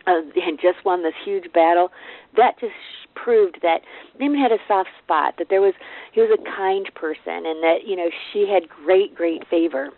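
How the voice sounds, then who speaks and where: A woman with a fairly low, somewhat slow voice leads a casual devotional for a business team, retelling a Bible story conversationally with offhand asides. The recording is dry and sounds tinny, like a phone.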